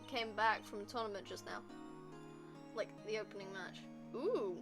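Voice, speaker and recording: A woman's voice: mid-range voice, moderate pace, music in the background. A British woman streaming a game, chatting with viewers in a playful, crude, joking way. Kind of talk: casual gameplay commentary.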